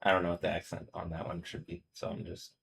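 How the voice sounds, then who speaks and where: A man's voice: sits low, monotone, quick pace, creaky, fairly bright tone, breathy edge, rough recording. A man rambling through a live stream monologue, swearing freely and laughing to himself.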